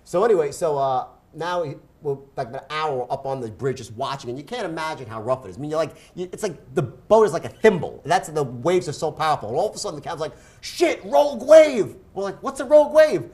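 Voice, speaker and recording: Man, fast and somewhat high-voiced, animated storyteller who acts out every quote. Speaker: guest speaker.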